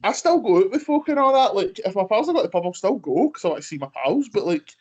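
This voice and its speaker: A man's voice: high-pitched, sing-song, fast talker, darkish tone, husky, dull audio. Rambling Scottish man hosting a chat. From Scotland. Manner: rambling, peppered with "like" and Scots "aye". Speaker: podcast host. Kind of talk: casual chat.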